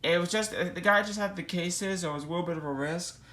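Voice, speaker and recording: A man's voice: high-pitched, quick pace, sharp tone. A young man casually touring his game collection in a small bedroom, rambling with many restarts and saying he is out of breath. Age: young adult. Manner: rambling, restarts, repeats 'actually' and 'crazy'. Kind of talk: casual room tour.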